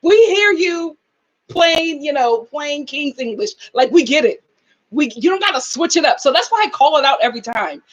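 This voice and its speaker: A woman hosting a live reality TV aftershow, talking in animated commentary and mimicking people in whiny voices. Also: high voice, normal speed, highs cut off.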